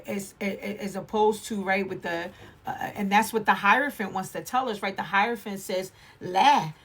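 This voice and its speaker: A woman's voice: mid-range voice, fairly even intonation, moderate pace, a bit bright. A woman with a New York accent giving a casual tarot reading, meandering and restarting her sentences, often tagging them with "right?". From Puerto Rican, from Brooklyn and Philadelphia. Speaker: tarot reader.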